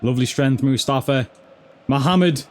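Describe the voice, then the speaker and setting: A man's voice: mid-range voice, moderate pace. A man giving casual, chatty commentary over his own football video game, swearing and calling viewers lad and bro. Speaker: gaming YouTuber.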